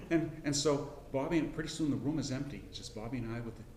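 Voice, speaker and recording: A middle-aged man teaching a casual Bible class, folksy and rambling, with frequent restarts and throat clearing. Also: mid-range voice, fast, a little mellow, echoey room, slight background noise. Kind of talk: casual Bible lesson with personal story. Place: church classroom.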